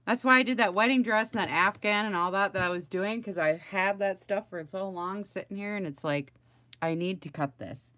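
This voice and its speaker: A woman's voice: mid-range voice, normal speed, pushed and bright, dry recording. A middle-aged woman chatting casually on a home crafting livestream, rambling and greeting viewers by name.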